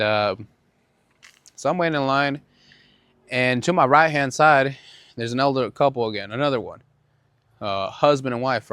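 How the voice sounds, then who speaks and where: A man's voice: mid-range voice, a bit bright, clear, resonant tone, no echo, studio quality. A man hosting his own podcast, telling a rambling, profane story in a casual monologue. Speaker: podcast host.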